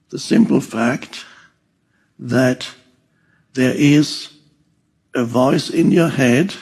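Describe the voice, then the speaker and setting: Older man, spiritual teacher, unhurried delivery, husky tone, soft chuckles. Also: mid-range voice. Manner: slow and deliberate, with soft chuckles. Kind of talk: reflective spiritual talk.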